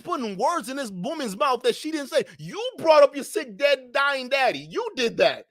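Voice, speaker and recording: A man hosting a livestream, giving loud, profane, ranting commentary and repeating his words. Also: very high-pitched, very animated, normal speed, hardly any pauses. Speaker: livestream host.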